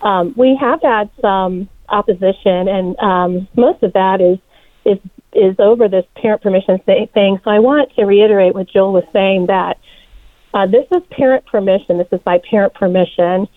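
A woman's voice: medium pitch, normal speed, no echo. A woman from Ohio calling in to a radio show as a program director, speaking in a friendly way with many ums. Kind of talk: phone-in call. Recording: tinny phone line.

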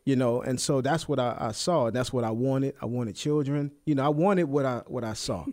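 A man in his thirties co-hosting a faith podcast, talking in a halting way with many fillers and restarts. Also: medium pitch, a little mellow, no echo, studio quality. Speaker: co-host. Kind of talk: casual faith podcast conversation.

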